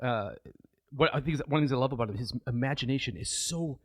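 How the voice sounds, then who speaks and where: A man's voice: medium pitch, fast talker, dry recording. Guy chatting on a podcast, lots of um and yeah, dry mic. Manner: agreeable, many fillers. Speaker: podcast co-host. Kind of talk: casual podcast chat.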